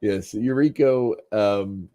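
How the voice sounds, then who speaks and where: A Canadian man with a fairly low, mellow voice speaks slowly as co-host of a casual podcast. He recaps a cartoon episode in a chatty manner, laughing often and slipping into jokey voices.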